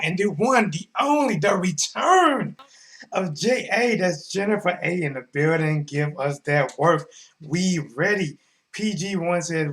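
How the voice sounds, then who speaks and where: A man hosting a casual sports live stream, talking in animated, slangy bursts that swing between mumbling and shouting. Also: high-pitched, a little slow. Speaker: sports vlog host.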